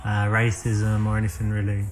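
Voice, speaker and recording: A man's voice: fairly low pitch, completely flat delivery, moderate pace. A man from England with a British accent, chatting easily and giving dating advice in a video game, often saying "you know". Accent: British English. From England, born in London. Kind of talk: chatty flirting and advice to camera.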